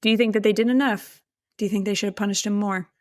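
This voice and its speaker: A woman co-hosts a podcast in a casual chat, swearing freely, laughing a lot and steering the questions. Her voice is mid-range and steady, and she talks quickly.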